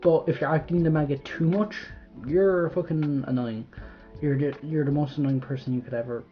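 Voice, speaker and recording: A young man from Ireland, vlogging through a quiz, speaks on the high side in a steady tone at moderate pace. His casual chat rambles, with plenty of swearing and thoughts that trail off. The highs are cut off, and faint music sits in the background.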